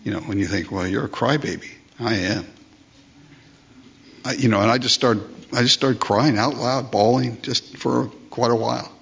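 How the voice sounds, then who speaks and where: Older male pastor, sermon delivery, rhetorical questions, mid pitch, slightly husky; muffled recording. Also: fairly even intonation, moderate pace, fairly bright tone. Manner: emphatic, repeats phrases, asks rhetorical questions.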